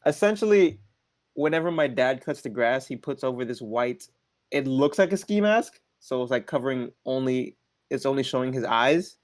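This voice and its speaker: A man's voice: medium pitch, normal speed, no room sound, studio quality. A young man co-hosting a podcast, telling a family story in casual chat and acting out what everyone said, with lots of restarts. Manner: animated, acts out family quotes, frequent restarts. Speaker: podcast co-host.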